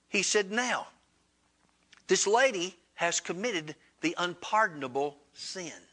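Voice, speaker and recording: A man preaching a sermon, telling a story and acting out the dialogue in an animated, colloquial way. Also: measured pace. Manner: animated, acts out dialogue with rising pitch. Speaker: pastor.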